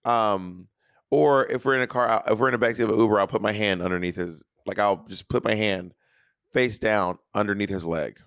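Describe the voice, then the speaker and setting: A man in his thirties from New York co-hosting a podcast in campy, animated casual chat. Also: on the low side, a little fast, clean tone. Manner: campy, animated storyteller, breaks into shouted stage hype. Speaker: podcast co-host.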